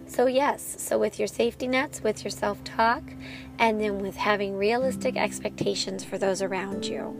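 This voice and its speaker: A woman in her thirties hosts her own podcast, speaking at a middle pitch with a gravelly, fry-tinged voice. She talks candidly as a parent and laughs at herself as she encourages her listeners. Clear music plays behind her. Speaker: podcast host, parent of a child with medical needs. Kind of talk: personal podcast monologue.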